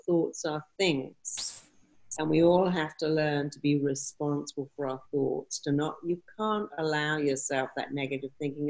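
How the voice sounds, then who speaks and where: A woman answering interview questions, lively and acting out quoted phrases. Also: low-pitched, rough recording. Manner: animated, acts out quoted phrases. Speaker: therapist guest.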